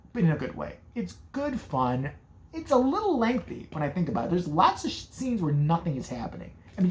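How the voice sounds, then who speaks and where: A woman's voice: low voice, a little mellow, slight background noise. A woman giving a sarcastic, profane, casual recap of an old movie. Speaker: movie reviewer.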